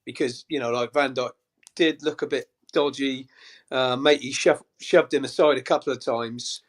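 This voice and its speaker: Laid-back bloke chatting footy, repeats himself, calls you mate. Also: male voice, mid-range voice, steady tone, moderate pace. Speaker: guest fan. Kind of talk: casual fan chat.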